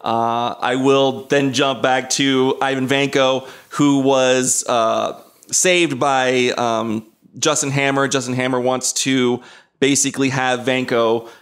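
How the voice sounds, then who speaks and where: A man with a medium-pitched voice walks through a movie plot for a podcast. He talks in a steady, detailed and casual way. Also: slow pace. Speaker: podcast guest. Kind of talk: casual movie recap chat.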